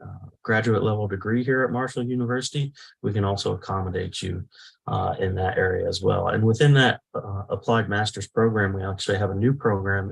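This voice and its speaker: A man with a somewhat low voice and a gravelly edge gives welcome remarks for an online physics talk. He speaks haltingly, with frequent "uh" pauses between phrases. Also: poor audio. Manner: hesitant, many "uh" fillers. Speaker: physics professor introducing a talk series.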